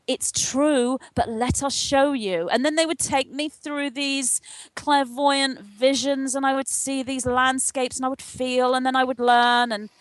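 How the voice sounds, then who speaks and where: A woman's voice: high voice, measured pace, no room sound. Earnest older woman recounting visions. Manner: earnest, animated retelling with acted-out dialogue. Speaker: guest, spiritual channel. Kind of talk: interview, personal storytelling.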